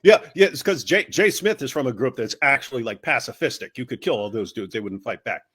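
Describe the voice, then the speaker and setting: Animated male co-host telling stories. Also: mid-range voice, a little fast, husky. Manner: teasing, animated anecdote telling with mocking quoted voices. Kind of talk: casual chat, storytelling.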